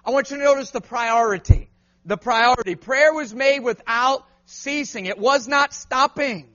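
A man preaching a lively sermon in a church, calling on the crowd to answer him back. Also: very high-pitched, normal speed, dull audio. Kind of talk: lively call-and-response sermon.

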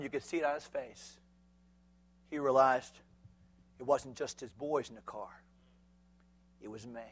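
A male pastor preaching a sermon, swinging between loud shouted outbursts and quiet low asides, with joking side remarks. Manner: jokey humorous asides.

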